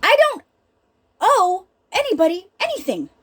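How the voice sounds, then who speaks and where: A middle-aged woman with a strikingly high voice gives a heartfelt faith talk. She speaks earnestly and with emphasis, addressing her listeners directly as if they were in the room. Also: very animated, measured pace, fairly bright tone. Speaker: healing ministry speaker.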